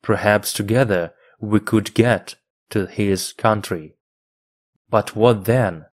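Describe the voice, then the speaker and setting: Slow, low-voiced male story reader. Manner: measured, even phrasing for learners. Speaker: English teacher reading a book aloud. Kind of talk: slow, deliberate storybook reading.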